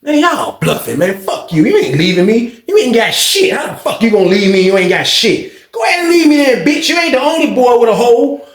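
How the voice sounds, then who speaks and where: A man's voice: sits high, sing-song, normal speed, hardly any pauses, echoey room, pitched above the performer's own voice. A man voicing an arrogant, bossy male inmate who barks orders scornfully. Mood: taunting.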